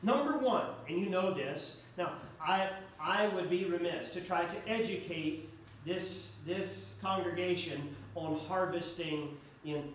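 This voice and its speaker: A pastor preaching a sermon earnestly, repeating key phrases for emphasis. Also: male voice, high-pitched, a little hiss or hum. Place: church sanctuary. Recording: echoey church hall from far off.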